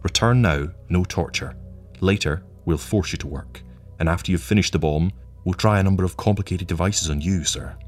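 A man voicing a calm, wry, menacing agent from the future who speaks in a measured, languid way. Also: sits low, soft background music, lightly acted. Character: cold patient male agent from the future, menacing.

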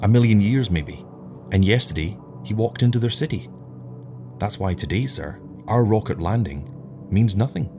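A man voicing a patient, soft-spoken lieutenant who answers his captain deferentially. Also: on the low side, expressive, normal speed, over music, voice pushed up, close to an everyday voice. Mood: quiet, awed. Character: patient, dazed young male lieutenant.

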